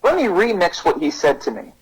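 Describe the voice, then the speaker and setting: Male guest speaker, thirties, lively storyteller who acts out quotes, husky tone. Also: a little fast, rough recording. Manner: animated, pitches up to act out quotes. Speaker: guest speaker on parenting and resilience. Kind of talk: conversational podcast storytelling.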